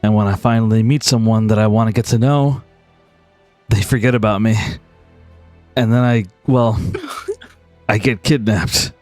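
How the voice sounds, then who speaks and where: A man playing a wry young male adventurer who speaks softly and mocks himself a little, in a tabletop game. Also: on the low side, steady tone, measured pace, long pauses, no room sound, faint music behind, natural voice. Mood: wry tender. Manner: soft, wry and self-deprecating.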